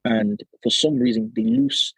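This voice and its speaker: A man with a Nigerian-American accent, hosting a casual podcast chat and telling animated stories full of slang and laughter. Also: medium pitch, unhurried, vocal fry, slightly rough, no echo, low-quality recording. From United States. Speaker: podcast host.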